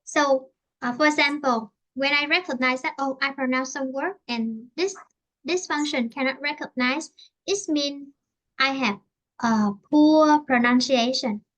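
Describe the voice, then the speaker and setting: High, bright Vietnamese woman teaching English. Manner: halting, repeats and rephrases often. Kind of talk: online English lesson.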